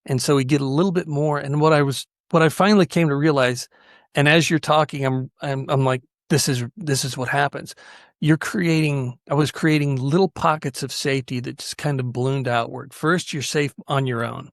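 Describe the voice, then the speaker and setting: A man's voice: medium pitch, steady tone, normal speed, creaky, dry recording, studio quality. A man hosting a podcast, telling stories earnestly and with animation, often restarting his sentences. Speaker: podcast host. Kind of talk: conversational storytelling.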